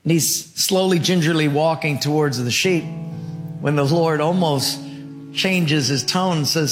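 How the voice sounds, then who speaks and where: A man preaching a sermon, telling a story dramatically and swinging between loud and hushed. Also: fairly high pitch, measured pace, faint music behind. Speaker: pastor.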